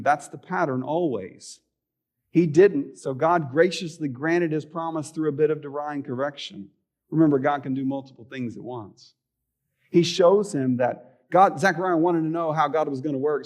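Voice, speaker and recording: A man's voice: a little high, darkish tone. Conversational man preaching a sermon. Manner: conversational preaching with rhetorical questions. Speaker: pastor. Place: church sanctuary.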